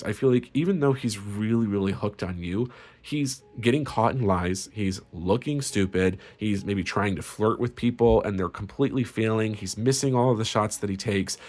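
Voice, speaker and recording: A man giving a casual tarot reading in a crude, sarcastic and gleefully spiteful way. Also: fairly low pitch. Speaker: tarot reader.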